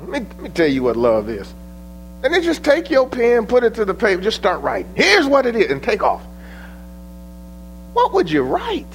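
A man preaching a sermon in a high, lively voice that swings from soaring questions to quiet, low asides. A faint electrical hum runs underneath the recording. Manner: preaching with rising emphatic questions and sudden soft drops.

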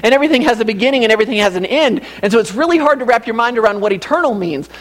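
A man's voice: extremely high pitch, lively intonation, rapid-fire. A man in his thirties preaching a conversational sermon with personal stories and frequent restarts.

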